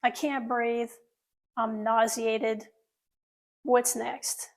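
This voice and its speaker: Surgeon, female, middle-aged; high voice, earnest first-person storytelling with audience asides. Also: level tone, drawn-out words. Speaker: plastic surgeon telling her story.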